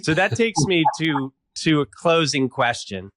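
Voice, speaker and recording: A man's voice: a little high, lively intonation, measured pace, noisy background. Casual affirming podcast host man. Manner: warm, affirming, casual, occasional swearing. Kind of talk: conversational interview.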